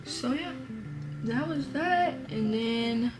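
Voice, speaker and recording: A woman's voice: fairly high pitch, animated, slow, over music. A young woman, chatting and laughing through a dramatic story while doing her makeup. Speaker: vlogger. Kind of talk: get-ready-with-me story time.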